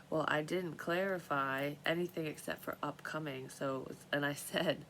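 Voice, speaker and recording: A woman's voice: deep voice, fairly even intonation, unhurried, a bit bright, slight background noise, rough recording. A woman who is losing her voice, casually rambling in a vlog as a tarot reader, often cutting herself off. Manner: rambling, profane, self-interrupting. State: losing her voice, clearing throat and coughing.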